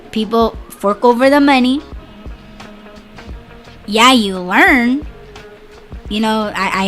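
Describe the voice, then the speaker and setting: Profane, sarcastic woman podcast host. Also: a little high. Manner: profane, animated, laughing, sarcastic. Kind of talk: casual ranting monologue.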